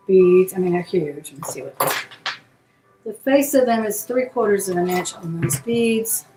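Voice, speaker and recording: Speaking in a mid-range voice, a woman hosts a live-stream jewelry auction, talking warmly and casually as she turns each piece over in her hands. The indoor room gives her voice a roomy echo, and faint music plays underneath.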